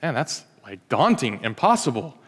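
A man's voice: mid-range voice, big pitch swings, moderate pace, slightly rough, big-room sound. A male pastor preaching in a conversational, joking way, acting out little everyday scenes. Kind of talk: sermon. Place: church.

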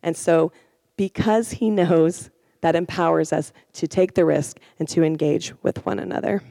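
A woman's voice: lowish voice, normal speed, vocal fry, dark tone, dry recording. Woman giving a loose chatty bible talk, lots of ums and restarts, dry close sound. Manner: chatty, self-deprecating, many fillers and restarts. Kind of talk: informal sermon teaching.

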